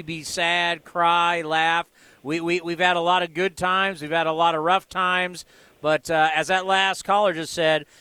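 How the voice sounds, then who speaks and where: A man hosting a sports call-in show on the radio, upbeat as he takes callers. His voice is bright and crisp. The studio sound is close and dry. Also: on the high side, no room sound.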